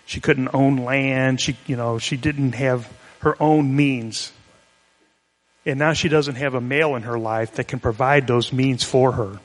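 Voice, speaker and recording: A man's voice: mid-range voice, steady tone, a little slow. Man preaching in a reverberant hall. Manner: conversational, explanatory, with restarts. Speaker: pastor. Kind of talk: sermon.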